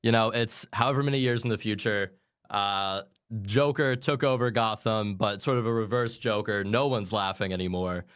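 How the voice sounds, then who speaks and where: Man, interviewer, smooth clear voice, relaxed and playful delivery. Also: lowish voice, moderate pace. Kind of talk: casual interview.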